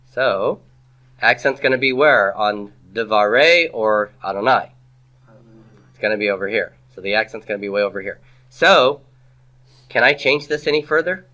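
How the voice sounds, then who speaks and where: A man's voice: medium pitch, pushed and bright. A man teaching a classroom grammar lecture, quizzing his students with rhetorical questions and dropping playful asides.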